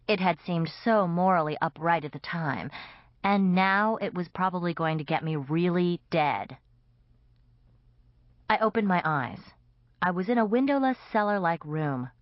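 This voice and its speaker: Woman narrator, wry first-person reading, slow and low-pitched, dull dry recording. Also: no echo. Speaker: audiobook narrator.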